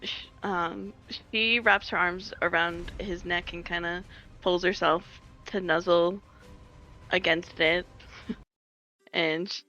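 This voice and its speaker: A woman playing a tabletop game, narrating her character in a hesitant, halting way. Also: lowish voice, fairly even intonation, sharp tone, soft background music. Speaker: player. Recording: dull lo-fi audio.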